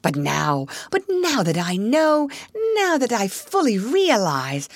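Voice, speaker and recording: A woman reading aloud while voicing Toad, a conceited male toad who talks in a dreamy, breathless swoon, high and slow. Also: wildly swooping pitch, no room sound, exaggerated voice. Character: rapturous conceited male Toad, motor-car mad. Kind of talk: storybook reading.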